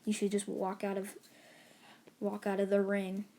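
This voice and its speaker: A woman voicing a calm, smug, overpowered teenage boy hero, close to her own voice. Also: medium pitch, measured pace, lightly acted.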